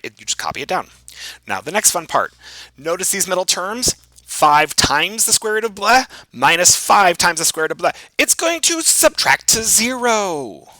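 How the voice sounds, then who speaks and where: A man lecturing on math for a video lesson, thinking aloud as he writes and poking fun at himself. His voice is bright and lively, rising and falling a lot, recorded dry and close. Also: fairly high pitch, no echo, low-quality recording. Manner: animated, self-joking, thinks aloud while writing. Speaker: math instructor.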